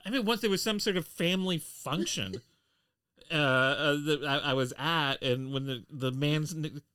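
A middle-aged man co-hosting a podcast in casual chat, dry and deadpan in his teasing. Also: on the high side, unhurried, clear, resonant tone, dry recording. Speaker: podcast co-host.

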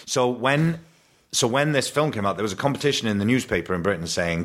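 A man's voice: lowish voice, fairly quick. A man telling stories in casual chat and slipping into voices. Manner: animated storyteller, does voices.

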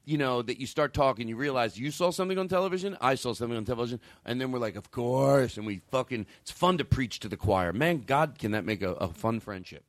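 A man's voice: medium pitch, lively intonation, fast talker, hardly any pauses, no room sound. A man hosting a podcast, telling stories in a loose, rambling and profane way, with lots of restarts. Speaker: podcast host. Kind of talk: casual chat. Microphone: studio mic with a caller on the line.

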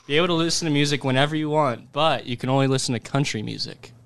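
A man's voice: mid-range voice, quick pace, gravelly, fairly bright tone, smooth. A man hosting a casual group podcast chat, joking and laughing often. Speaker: podcast host.

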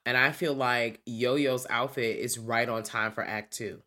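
A woman co-hosting a podcast in casual movie review chat, animated and emphatic, swearing playfully. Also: very deep voice, unhurried. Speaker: podcast co-host.

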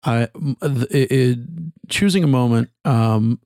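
A man on a podcast panel, starting haltingly and then explaining a small detail at length in casual chat. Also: medium pitch, a little mellow, no echo, clean studio sound.

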